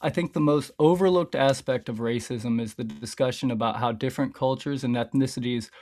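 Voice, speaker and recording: A man's voice: medium pitch, fairly quick, a little mellow. A man streaming casually, reading his own scripts aloud in a loose, rambling way, swearing a lot and often stopping to laugh at his own lines.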